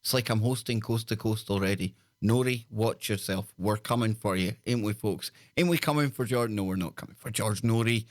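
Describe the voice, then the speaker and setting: Playful Scottish radio host. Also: male voice, fairly low pitch, fairly quick, few pauses, dry recording, clean studio sound. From Scotland. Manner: playful, jokey, greets listeners one by one. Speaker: radio talk show host. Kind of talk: live call-in radio banter.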